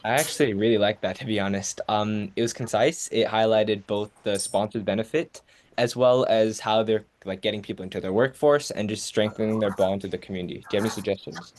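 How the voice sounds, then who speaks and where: A man's voice: on the low side, fairly quick, background noise. A teenage boy presenting an online workshop, giving casual, encouraging feedback with many fillers over a video call.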